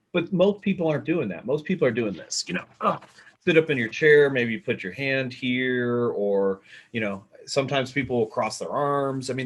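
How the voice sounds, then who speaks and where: A man with a husky, slightly rough voice leads a casual panel chat over a video call. He gives advice in an emphatic, animated way, gesturing as he talks. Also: medium pitch. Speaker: panel moderator.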